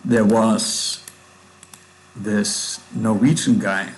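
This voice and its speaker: A man's voice: fairly low pitch, fairly even intonation, very slow, rough recording. A man with a German accent, casually thinking aloud while coding on a livestream, with hard consonants. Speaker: livestreaming programmer.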